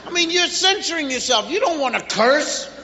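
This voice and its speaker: Give me a high, bright man telling stand-up. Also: moderate pace, some chatter behind, a little hiss or hum. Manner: animated storytelling, mimics parents and children. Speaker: stand-up comedian. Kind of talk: stand-up comedy routine. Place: comedy stage before an audience. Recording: live stage recording with long reverb.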